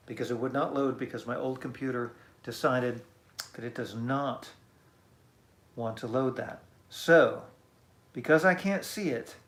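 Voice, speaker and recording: A man's voice: mid-range voice, a bit bright. A man hosting a casual live stream, chatty and self-deprecating as he reads out comments. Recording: echoey room.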